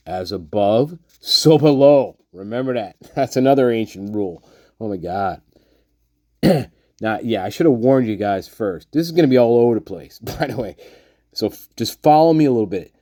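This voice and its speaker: A man's voice: mid-range voice, dark tone, no echo, clean studio sound. A man hosting his own channel in a casual, rambling vlog, joking around and laughing often. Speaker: channel host.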